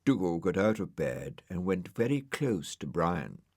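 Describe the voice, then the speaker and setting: Man reading a children's storybook slowly. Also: deep voice, dry recording, clean studio sound. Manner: expressive, unhurried storytelling. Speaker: audiobook narrator.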